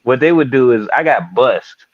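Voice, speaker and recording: A man's voice: medium pitch, normal speed, no echo, narrow, tinny audio. A man joining a casual livestream chat, agreeing easily and sharing his own childhood stories. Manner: relaxed, agreeable, chimes in with short replies.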